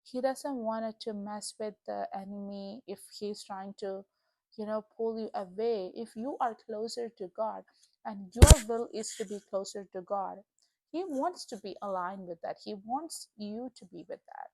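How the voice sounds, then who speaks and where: A woman's voice: medium pitch, a little slow, gravelly, mellow, no room sound. A young woman sharing a personal faith testimony in an earnest, emotional, chatty way with lots of fillers. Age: young adult. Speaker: Christian vlogger. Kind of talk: casual spoken testimony.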